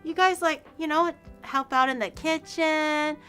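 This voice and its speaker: Woman streamer, high voice, playful, excitable, squeals and laughs, casual chat, faint music behind. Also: a little slow.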